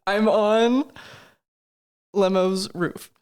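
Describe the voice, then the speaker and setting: A woman's voice: mid-range voice, fairly even intonation, very slow, darkish tone, smooth. A woman playing a tabletop game, hesitant and laughing often. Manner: giggly, hesitant. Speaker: player.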